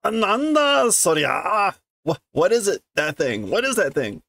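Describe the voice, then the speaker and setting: A man's voice: a little high, wildly swooping pitch, fairly quick, fairly bright tone, pitched above the performer's own voice, full character voice. A man voicing a startled little girl who asks in alarm what something is, while reading a comic aloud.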